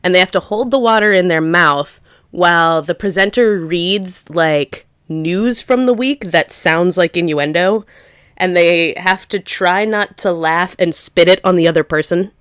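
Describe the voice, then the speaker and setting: Woman, podcast co-host, casual chat, lower voice, dry close sound. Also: a little slow, fairly bright tone, clear, resonant tone, dry recording. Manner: chatty, lots of "like" fillers, laughs often.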